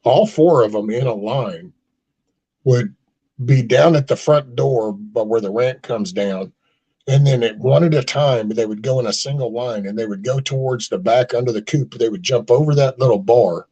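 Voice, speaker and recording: A man's voice: mid-range voice, normal speed, mellow, breathy edge, lo-fi sound. A man hosting a casual chat, rambling through folksy stories with mild cursing and acted-out quotes. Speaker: host of a casual live chat.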